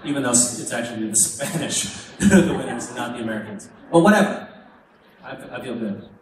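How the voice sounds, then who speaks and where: A man's voice: mid-range voice, expressive, normal speed, far from the mic, a crowd in the background. A man taking fan questions at a convention panel, joking wryly and laughing often at himself. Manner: wry, self-mocking, laughs often. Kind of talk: joking, casual Q&A on stage. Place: large convention hall. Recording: echoey hall picked up from afar, background noise.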